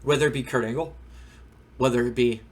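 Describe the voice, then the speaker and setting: A man's voice: mid-range voice, fairly even intonation, brisk, a little hiss or hum, close to an everyday voice. A man doing an impression of a young male wrestling executive laying out a match in a firm, businesslike way.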